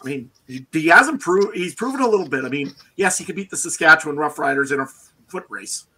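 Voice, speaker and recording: A man's voice: fairly high pitch, expressive, brisk, bright, forceful tone, slightly rough. A man co-hosting a sports podcast, giving opinions on players with frequent "I mean" hedges. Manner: opinionated, hedging with "I mean" and "to be honest". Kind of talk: casual sports chat.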